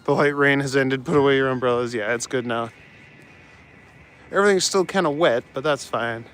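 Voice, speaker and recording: A man's voice: medium pitch, moderate pace, fairly bright tone, a little hiss or hum, poor audio. A man hosting a live stream while walking city streets at night, casually chatting and joking with viewers as he reads their messages aloud.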